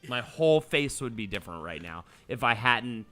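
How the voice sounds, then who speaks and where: A man's voice: medium pitch, big pitch swings, normal speed, fairly bright tone, faint music behind. A man hosting a live-streamed podcast, reading chat comments aloud and telling stories casually, with swearing. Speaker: podcast host.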